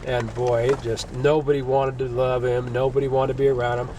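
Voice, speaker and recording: At an outdoor camp on a wooded mountain hillside, a vlogger on a camping and gold-dredging trip chats and talks solo to camera. His medium-pitched voice moves fairly quickly as he animatedly tells stories, acting out what people said. He's recorded from a distance with background noise.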